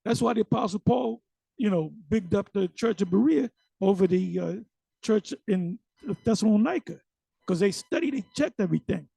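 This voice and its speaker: A man's voice: sits high, lively intonation, moderate pace, vocal fry, dark tone, husky, dry recording. A man giving casual, emphatic commentary on a sermon video. He often repeats words and uses slang.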